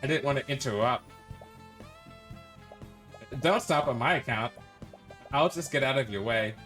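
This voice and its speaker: A flustered young woman from a video game, stammering and embarrassed, put on by a male streamer. The voice is pushed up high and louder than his own. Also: a little slow, faint music behind, natural voice.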